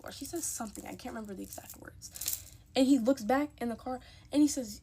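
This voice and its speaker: A woman's voice: mid-range voice, fast, dark tone, slight background noise. A young woman telling a casual storytime into her phone, chatty and emphatic, acting out the people in her story.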